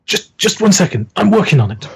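A man's voice: high voice, sing-song, fairly quick, gravelly, breathy edge, pitched above the performer's own voice, full character voice. A man voicing a nervous, stammering man who has come to free prisoners, his voice pushed well above his own. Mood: flustered. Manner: fretful, stammering.

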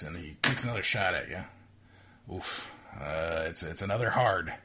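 A man's voice: medium pitch, moderate pace, crowd noise. A man running a tabletop game as game master, narrating with many fillers and restarts over a call.

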